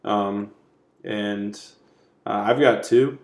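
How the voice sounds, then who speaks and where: A man's voice: on the low side, drawn-out words. Man chatting about films in an echoey room. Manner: relaxed, conversational, retelling scenes. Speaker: podcast co-host. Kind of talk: casual movie discussion. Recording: roomy echo.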